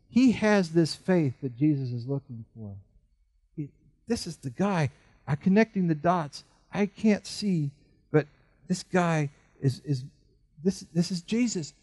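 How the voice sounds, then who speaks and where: A man, middle-aged, preaching a sermon earnestly and voicing Bible figures as he goes. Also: warm tone. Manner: earnest, acts out Bible voices with rising pitch. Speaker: pastor.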